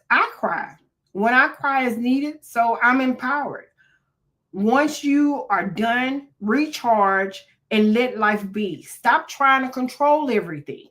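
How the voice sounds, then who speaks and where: An older woman hosting a talk about mental health, speaking earnestly and preaching a little, with frequent "um"s and restarts. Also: medium pitch. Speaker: podcast host and therapist. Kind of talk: unscripted motivational talk.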